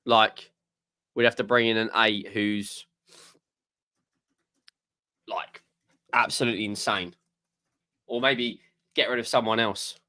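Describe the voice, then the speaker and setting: A man's voice: lowish voice, steady tone, takes it slowly, long pauses, bright, forceful tone. A man co-hosting a football fan stream, chatting eagerly about transfer news in a casual way. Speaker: co-host. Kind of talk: casual live-stream chat.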